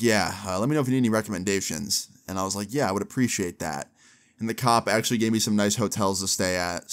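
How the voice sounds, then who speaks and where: A young man telling a story to camera in a casual, animated way, with slang and swearing, acting out what other people said. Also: on the low side. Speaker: storyteller vlogger.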